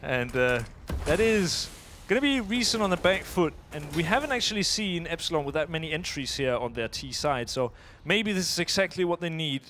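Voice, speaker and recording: A man's voice: on the high side, expressive, moderate pace, hardly any pauses, a bit bright, a little hiss or hum. Chatty man commenting a live esports match. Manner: chatty, laughs easily, thinks aloud mid-sentence.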